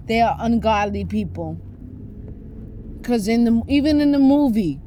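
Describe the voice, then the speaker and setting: A woman's voice: on the high side, animated, unhurried, a little mellow, a little hiss or hum. Emphatic New woman rambling on. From New York. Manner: emphatic and rambling, with repeated rhetorical questions. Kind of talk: casual spoken monologue.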